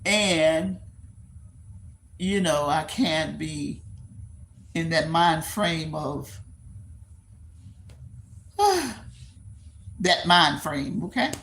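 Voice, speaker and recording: Older woman, late-night live-stream host, slow unhurried talk, casual storytelling, acts out voices, laughs a lot. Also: low voice, fairly bright tone, a little hiss or hum.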